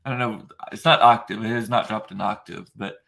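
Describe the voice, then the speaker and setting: A man with a deep, gravelly voice hosting a casual livestream, rambling chattily through viewer comments with plenty of fillers and self-deprecating asides. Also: fairly even intonation, brisk, bright, forceful tone. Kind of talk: casual chat.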